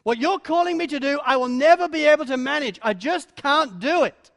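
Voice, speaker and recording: A man's voice: high voice, a little fast, creaky, fairly bright tone, in a large hall. A man voicing a frightened, reluctant Moses, whining and pleading inside a sermon. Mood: desperate. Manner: whiny, pleading.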